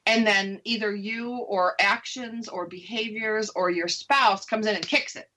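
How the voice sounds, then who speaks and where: A woman's voice: medium pitch, steady tone, measured pace, pushed and bright, slight background noise. A middle-aged woman on a radio talk show, chatting candidly about her own experience, laughing easily and acting out her own thoughts. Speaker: radio show host sharing her divorce recovery. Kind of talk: casual radio interview.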